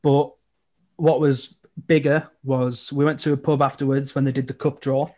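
A young man, chatting casually and telling animated football stories as a podcast guest. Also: medium pitch, normal speed. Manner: animated storytelling with laughs. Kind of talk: casual chat.

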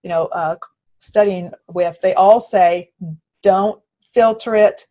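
A woman with a husky voice talks in a casual, conversational way. She speaks hesitantly, often pausing with fillers while she agrees with the other speaker. She sounds like someone who is still learning about the subject. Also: medium pitch, steady tone, mellow. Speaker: interviewer, student of mediumship.

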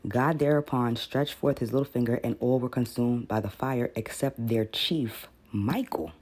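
A man's voice: mid-range voice, normal speed, a little mellow. A man teaching on a podcast in a casual, rambling way, often repeating words and reading passages aloud.

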